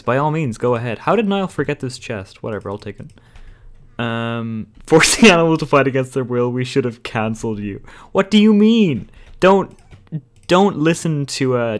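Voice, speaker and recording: A man streaming a game with friends, chatting casually, teasing and reading out viewers' messages. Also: mid-range voice. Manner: joking, teasing, laughs often.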